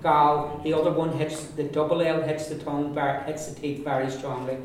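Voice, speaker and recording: A man leads a language class, saying each word several times over so learners can copy it. His voice sits a little high and comes from some way off the mic. The room gives a strong echo, with a faint hiss underneath. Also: flat delivery. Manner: repeats words slowly for drilling. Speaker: Irish language teacher. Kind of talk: classroom pronunciation lesson. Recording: echoey room, distant mic.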